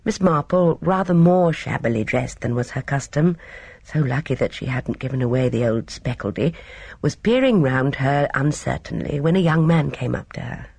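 Woman, audiobook narration, measured, gravelly, husky. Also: a bass voice, darkish tone, no echo. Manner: measured storytelling. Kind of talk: scripted narration.

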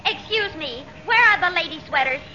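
A very high-voiced chirpy mother. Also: expressive, a little fast, bright, forceful tone, heavily acted. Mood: brisk. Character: flustered middle-aged mother and wife. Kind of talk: 1950s radio sitcom acting. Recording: muffled hissy old radio recording.

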